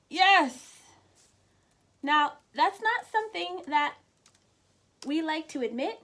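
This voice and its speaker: A high-pitched woman hosts a casual, inspirational live stream. She is chatty and laughs often as she speaks straight to her viewers, calling out their names. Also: lively intonation, slow, pauses often, fairly bright tone. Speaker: host of a weekly live show.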